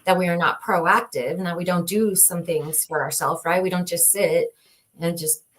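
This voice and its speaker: A woman's voice: on the low side, fairly even intonation, normal speed. A woman co-hosting a casual spiritual live stream, talking reflectively and greeting viewers by name.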